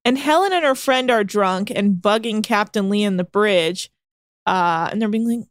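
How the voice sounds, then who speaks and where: A woman co-hosting a podcast, recapping a reality show in fast, exasperated casual chat. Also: mid-range voice, no room sound, clean studio sound.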